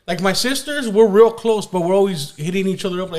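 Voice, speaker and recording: A man's voice: high-pitched, expressive, fast talker, hardly any pauses. A young man co-hosting a podcast, talking bluntly in casual slang and swearing a lot. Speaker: podcast co-host. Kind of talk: casual chat.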